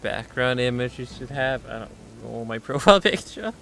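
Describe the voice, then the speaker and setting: A man's voice: medium pitch, expressive, normal speed, vocal fry, fairly bright tone, a little hiss or hum. A man streaming a video game, chatting casually and laughing as he plays. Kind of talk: casual gameplay commentary.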